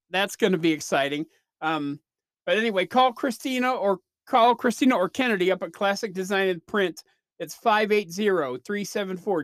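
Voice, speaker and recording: A man's voice: high voice, a bit bright, dry recording, clean studio sound. A man hosting his own podcast, telling rambling, self-deprecating stories in a casual solo chat with lots of fillers. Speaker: podcast host.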